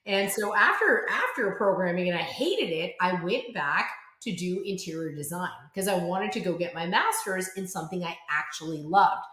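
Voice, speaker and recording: A woman guest on a podcast in casual conversation, animated and laughing, often quoting people in lively voices. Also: lowish voice, moderate pace, hardly any pauses, roomy sound. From United States. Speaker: podcast guest, branding expert.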